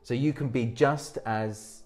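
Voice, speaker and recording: A man's voice: mid-range voice, steady tone, takes it slowly, darkish tone, soft background music. A man giving presentation advice in an interview as a speaking coach. He talks energetically, often restarting his sentences, and demonstrates techniques as he goes.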